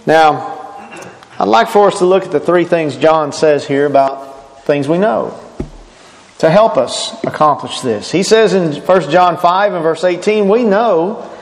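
Man, sermon, emphatic, earnest, somewhat high voice, echoing church hall. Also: lively intonation, a little slow. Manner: earnest, emphatic, with frequent restarts. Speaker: preacher.

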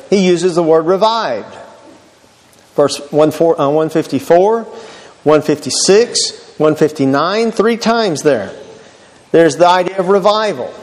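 A man preaching a sermon, reading scripture aloud and expounding it slowly and deliberately. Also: fairly high pitch. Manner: slow, deliberate preaching, reads verses aloud and expounds them. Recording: long hall reverb.

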